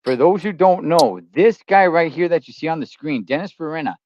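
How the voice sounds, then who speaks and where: A man's voice: on the high side, lively intonation, fairly quick. A man co-hosting a podcast, chatting casually and explaining facts in a matter-of-fact way. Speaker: podcast co-host. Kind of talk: casual chat. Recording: dull dry lo-fi sound.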